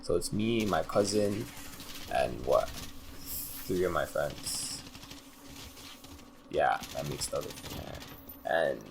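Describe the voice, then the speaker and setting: A man's voice: extremely low pitch, lively intonation, takes it slowly, gravelly, long pauses, a little hiss or hum. A young man telling a story from his own life in a casual, slangy, rambling way, often trailing off with "da, da, da". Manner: loose, slangy, rambling with filler "da, da, da".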